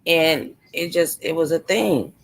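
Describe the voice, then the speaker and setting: A woman's voice: deep voice, unhurried. A woman live streamer chatting casually and telling stories with emphasis. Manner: loose, emphatic storytelling. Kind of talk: casual chat.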